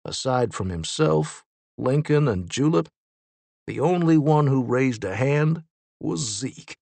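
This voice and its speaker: A man narrating a children's adventure story in a steady, vivid storytelling manner. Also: medium pitch, slow pace, vocal fry, no room sound.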